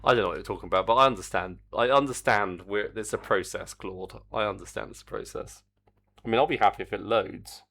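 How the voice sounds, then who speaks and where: A man's voice: on the low side, a little fast, gravelly, a bit bright. A middle-aged man, a game developer live-streaming his work, muttering casual grumbling asides to himself as he codes.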